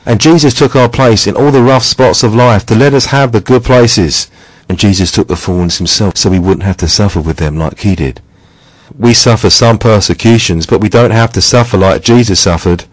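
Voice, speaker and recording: A man preaching a scripted sermon, reading scripture quotes in a measured, steady devotional way. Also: lowish voice, no room sound, low-quality recording.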